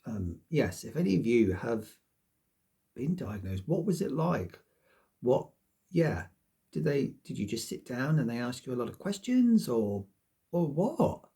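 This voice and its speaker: A vlogger rambles casually to camera, self-deprecating and swearing freely. His voice is medium-pitched and sing-song, a little slow, with a dark tone.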